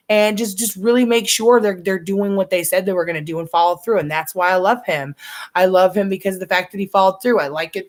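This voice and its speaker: A young woman from the United States chatting casually on a live reaction stream, rambling, restarting her sentences and swearing often. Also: medium pitch.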